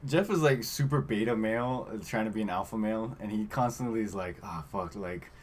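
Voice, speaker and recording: Low-voiced rambling man recapping a movie. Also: fairly quick, slight background noise. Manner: rambling, filler-heavy, acts out quotes. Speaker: podcast co-host. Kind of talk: casual chat recapping a movie.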